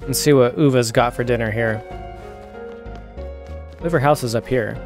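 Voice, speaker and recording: A man's voice: medium pitch, fairly even intonation, a little slow, soft background music. A man hosting a let's play, chatting casually while he plays a video game. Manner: laid-back and chatty. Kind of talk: casual gameplay commentary.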